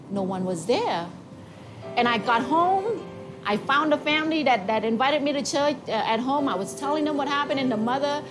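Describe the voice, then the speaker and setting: A woman with a fairly high voice tells her personal faith testimony. She speaks in halting, emotional phrases and often restarts. Music plays clearly behind her. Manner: halting, emotional storytelling with repeats.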